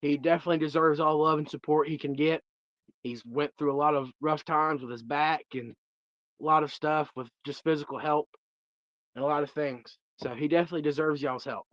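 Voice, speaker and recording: An earnest man with a fairly high voice speaks in a casual, rambling way. His audio is dull and dry, like a plain stream mic. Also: steady tone, brisk, dry recording. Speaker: podcast host, guest on the stream. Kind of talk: casual livestream appeal.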